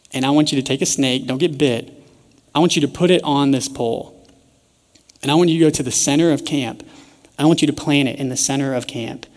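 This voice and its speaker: Man doing a calm commanding god figure, steady orders, lowish voice, reverb hall. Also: lightly acted. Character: calm, commanding male God giving instructions. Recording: echoey church hall.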